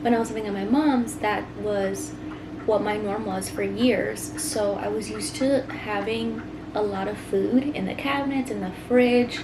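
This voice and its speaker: A young adult woman talking casually in a vlog, chatty and relaxed, with lots of "like" fillers. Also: mid-range voice, a little slow, noisy background. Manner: chatty, filler-heavy, relaxed talk with many "like"s. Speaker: vlogger.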